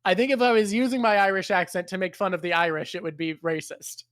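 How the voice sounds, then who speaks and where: A man's voice: high voice, fairly even intonation, quick pace, a bit bright, no echo, studio quality. A man hosting a live stream, chatting casually, swearing freely and laughing often. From Canada. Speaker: streamer and show host.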